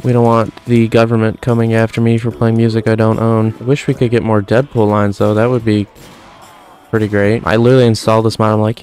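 A man's voice: on the low side, little pitch movement, a little fast, a little mellow, soft background music. A man in his twenties giving casual, jokey gameplay commentary, tossing in "folks" and "quite frankly" as he rambles. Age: 20s. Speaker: gaming commentator.

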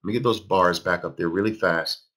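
A man's voice: sits low, fairly quick, a bit bright. A man in his fifties teaching a live trading class, emphatic, repeating phrases and quizzing his audience. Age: 50s. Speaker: trading instructor.

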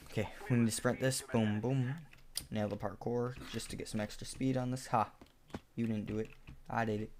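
A man with a fairly low voice talks through his own shooter match in a casual, chatty way. He pokes fun at his own play and breaks into sudden excited outbursts. A clear hiss sits under the voice, with keyboard clicks and in-game gunfire behind him. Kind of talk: casual gameplay commentary. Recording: noisy home recording with background hiss.

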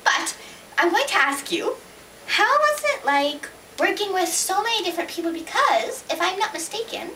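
High, lively teasing woman interviewer. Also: normal speed, recorded from a distance, a little hiss or hum, rough recording. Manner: teasing, playfully dramatic. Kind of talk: playful fan-made interview.

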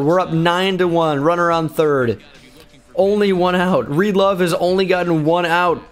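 A young man giving sarcastic play-by-play commentary over his own baseball video game, bursting into shouts of excitement. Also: on the high side. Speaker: gaming YouTuber. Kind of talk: gameplay commentary. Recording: game music faintly behind.

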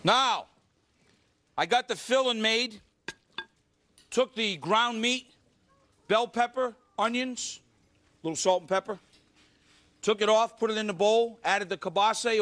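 A man's voice: sits high, a bit bright. A man hosting a live cooking show, chatting and joking with the studio audience as he demonstrates a recipe.

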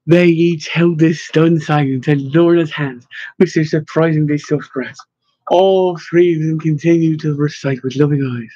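A man narrating an audiobook in a measured, gentle way. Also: a little high, fairly even intonation, no echo. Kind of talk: scripted narration. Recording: slightly dull, dry recording.

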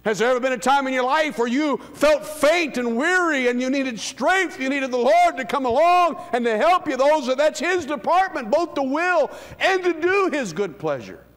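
Casting note: fifty-year-old male pastor, very high voice, preaching with big swings from quiet murmurs to ringing shouts. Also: animated, normal speed, few pauses. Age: 50s. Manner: swings from hushed low lines to loud high calls. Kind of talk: sermon. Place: church sanctuary. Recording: long hall reverb.

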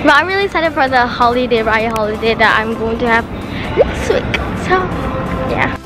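A young woman from Malaysia, chatting excitedly through a shopping vlog, giggling often as she talks into her phone camera. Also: on the high side, normal speed, low-quality recording. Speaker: vlogger. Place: shops and mall. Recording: music playing over the voice.

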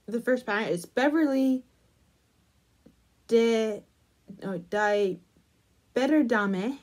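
A woman chatting casually in a crochet vlog, gushing over a pattern book and trailing off into soft murmurs. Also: fairly high pitch, drawn-out words. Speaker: crochet vlogger.

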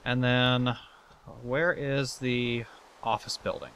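Bright-voiced man giving a game tour. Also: mid-range voice, fairly even intonation, slow, slight background noise. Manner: chatty tour-guide narration with swearing. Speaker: let's play host. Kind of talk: casual gameplay commentary.

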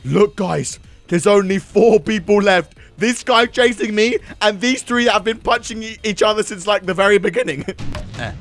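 A man giving excitable gameplay commentary, with loud yelps and sudden jumps between high and low. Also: normal speed. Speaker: gaming YouTuber. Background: game music.

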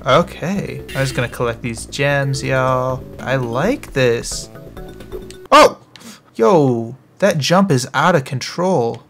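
A young man casually commenting on his own gameplay as a let's play host, chatty and quick to react. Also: mid-range voice. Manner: excitable, chatty, reacts loudly to the game. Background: game music.

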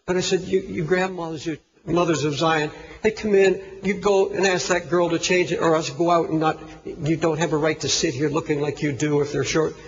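A man preaching a sermon, telling a story with fervent, impassioned delivery. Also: fairly high pitch. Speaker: pastor. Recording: echoey hall, dull lo-fi recording.

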